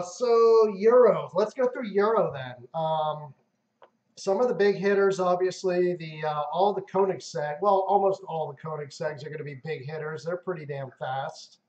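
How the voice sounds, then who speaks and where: A man's voice: a little high, moderate pace, darkish tone. A man hosting a live stream, chatting casually and easily with viewers, calling them man and dude. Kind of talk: casual chat. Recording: muffled roomy stream audio.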